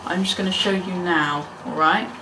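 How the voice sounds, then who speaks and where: A woman's voice: lowish voice, fairly even intonation, moderate pace. Chatty, self-mocking woman cooking at home. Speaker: cooking video host. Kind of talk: casual cooking demonstration. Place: home kitchen. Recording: noisy kitchen with clattering pans. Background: cutlery, pots and kitchen ambience.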